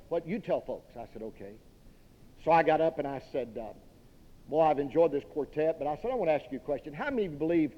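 A man's voice: a little high, dark tone. A man from Dallas, preaching a sermon in a direct, emphatic, folksy way. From Dallas, Texas. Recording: dull long-reverb hall recording.

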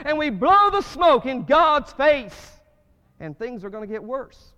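Preacher guy, really high voice, smooth and clear, gets loud then drops to a hush, muffled echoey church recording. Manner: impassioned preaching with sudden loud rises and hushed drops. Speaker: pastor. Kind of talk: sermon.

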